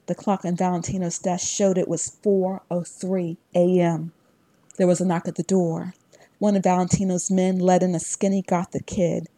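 A woman narrates a first-person story with steady, even pacing. Her voice sits low and mellow, recorded close with no room sound around it. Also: moderate pace, no room sound. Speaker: audiobook narrator.

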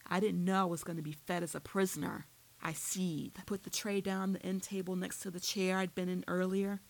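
A woman narrating a first-person audiobook in a steady, descriptive storytelling manner. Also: fairly low pitch, moderate pace, vocal fry, poor audio.

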